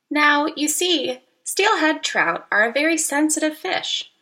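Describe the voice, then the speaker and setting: A woman with a fairly high, bright and clear voice narrates a children's picture book, her pitch swinging widely as she plays up each line. She reads unhurriedly with few pauses, expressive and playful, tossing teacherly asides to her young listeners.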